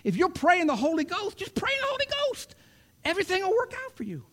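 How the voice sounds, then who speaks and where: A man preaching a sermon, swinging between loud declarations and hushed whispers. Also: very high-pitched, huge pitch swings, fast talker.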